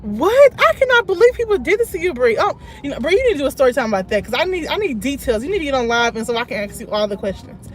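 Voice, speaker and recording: A young woman telling a story on a live stream from her car, chatty and quick to laugh, reading out viewer comments as she goes. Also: on the high side, lively intonation.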